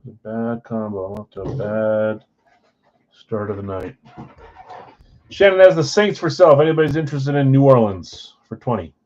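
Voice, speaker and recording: A man's voice: medium pitch, lively intonation, normal speed, darkish tone, dull audio. A tired, yawning man hosting a live card break stream. He chats casually with viewers and calls out which teams they hold. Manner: chatty, rambling, talks straight to viewers. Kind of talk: casual live-stream chat, calling out team spots.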